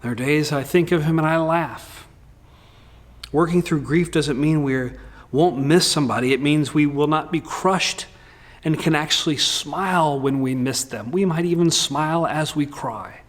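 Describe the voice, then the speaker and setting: Candid, joking male pastor, slightly high voice. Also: moderate pace. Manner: candid and humorous, with lively swings in delivery. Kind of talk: sermon.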